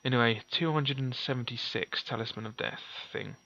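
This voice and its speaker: A man's voice: medium pitch, fairly quick, sharp tone, a little hiss or hum. A man reading a fantasy gamebook aloud and commenting casually as he plays, thinking aloud and correcting himself. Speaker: gamebook player and narrator. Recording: dull lo-fi, dry.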